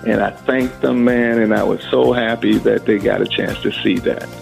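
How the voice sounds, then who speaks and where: A man's voice: fairly low pitch, moderate pace, vocal fry, over music. A middle-aged man from Alabama, an interview guest telling stories and acting out the people he quotes. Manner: animated storyteller who acts out the voices of people he quotes. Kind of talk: casual storytelling. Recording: narrow phone-like sound.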